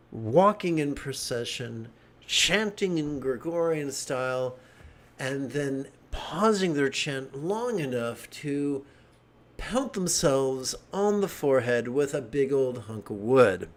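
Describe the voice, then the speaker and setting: A man's voice: mid-range voice, lively intonation, slow pace. A middle-aged man giving a livestreamed meditation talk, a wry, joking storyteller. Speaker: meditation teacher.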